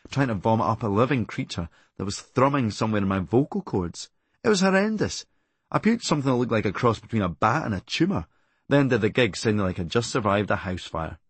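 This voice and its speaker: A Scottish man reading his own comic memoir in a deadpan, darkly funny delivery. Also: fairly low pitch, breathy edge, no echo. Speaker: comedian narrating his memoir.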